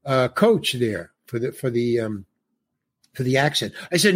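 A man's voice: medium pitch, expressive, measured pace, fairly bright tone. A man in his eighties from New York, a guest on a podcast, telling a rambling anecdote and acting out the dialogue as he goes. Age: 80s. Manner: rambling storyteller who acts out quoted dialogue.

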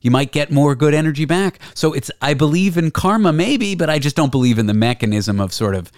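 A man's voice: fairly high pitch, expressive, brisk, a little mellow, no room sound, clean studio sound. A man hosting a casual chat, reasoning things out at length in a skeptical way. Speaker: podcast host. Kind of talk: casual conversation.

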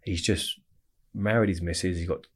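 Essex guy, low husky voice, rattles off stories quickly, swears a lot. Brief: guest telling tales on a podcast. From England. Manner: fast, animated storytelling with heavy swearing. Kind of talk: storytelling interview.

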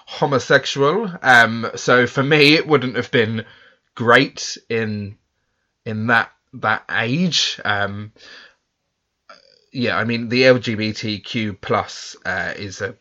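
A man's voice: mid-range voice, slow pace, pushed and bright. A British man co-hosting a podcast in a casual, chatty, self-deprecating way, laughing often. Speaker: podcast co-host. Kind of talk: casual chat. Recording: dull lo-fi audio.

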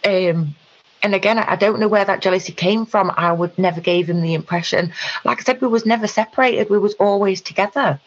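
A woman recounting a personal experience in conversation, halting, with frequent ums and restarts. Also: mid-range voice, muffled recording. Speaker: guest.

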